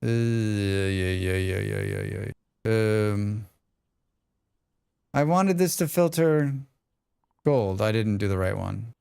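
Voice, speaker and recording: A man's voice: lowish voice, takes it slowly, vocal fry, long pauses, darkish tone, smooth, no room sound, studio quality. A man streaming a game live, chatting casually with viewers and talking to himself as he plays, rambling and swearing freely. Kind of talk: casual live-stream chat while playing.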